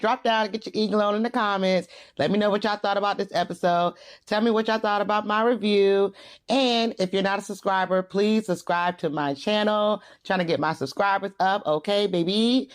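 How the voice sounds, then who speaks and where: A woman recapping a reality show episode in a casual, slangy, animated vlog with frequent laughs. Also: mid-range voice. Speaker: reality TV reviewer.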